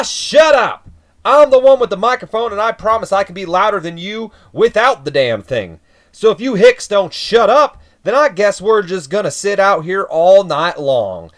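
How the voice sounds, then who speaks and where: A man putting on a to play a belligerent male wrestling manager, shouting and ranting at a crowd. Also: sits high, voice pushed up. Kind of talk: mock wrestling promo.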